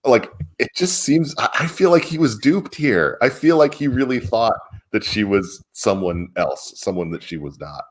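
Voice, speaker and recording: A man's voice: mid-range voice, animated, normal speed. A man co-hosting a casual political chat, talking emphatically with incredulous, chuckling asides. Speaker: publisher and co-host.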